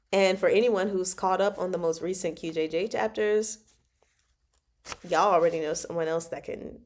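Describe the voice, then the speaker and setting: A woman hosting a casual livestream book chat, animated and exasperated, laughing often and talking back to the characters. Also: fairly low pitch, measured pace. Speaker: book club host.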